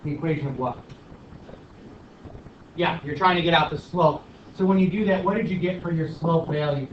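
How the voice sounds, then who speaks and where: A man's voice: on the high side, moderate pace, recorded from a distance, a little hiss or hum. A man teaching a math class, questioning students and joking as a self-declared stickler. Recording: roomy, dull, from across the room.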